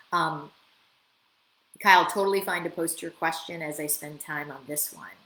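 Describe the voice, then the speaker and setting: A woman coach talks through a live Q&A in a lively, chatty way, slipping into short acted bits of client dialogue. Her voice sits a little low but sounds bright and forward. The room is echoey, with faint ambient noise behind her. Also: moderate pace. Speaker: business coach and show host.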